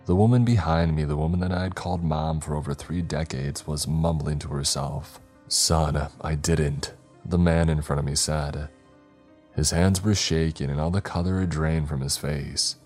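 A man narrating a scripted horror story in a steady, measured way. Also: rumbling low, faint music behind.

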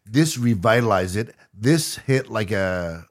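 Lowish male voice, wisecracking co-host. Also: animated, slow. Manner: wisecracking, throws in jokes. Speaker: podcast co-host. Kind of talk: casual chat.

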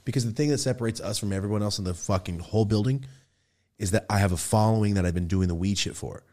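Casual podcast storyteller, man, lowish voice, profane and excitable. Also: fast. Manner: animated, profane, jumps into high excited voices for quotes. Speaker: podcast host telling a story.

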